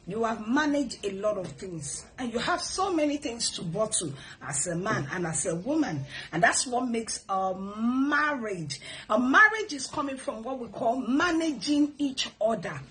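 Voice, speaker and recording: A middle-aged woman with a Nigerian accent hosts a casual advice talk, animated and a bit preachy. Her voice sits a touch high, and a faint noise hums behind her. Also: low-quality recording. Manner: animated, preachy, with laughs and repeated blessings. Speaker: host. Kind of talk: casual advice talk, reading viewer comments.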